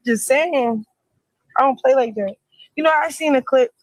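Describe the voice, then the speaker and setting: Woman, rambling emphatic livestream talk, high voice, close dry sound. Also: normal speed, no room sound, poor audio. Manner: rambling, emphatic, repeats herself. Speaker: interviewee in a played clip.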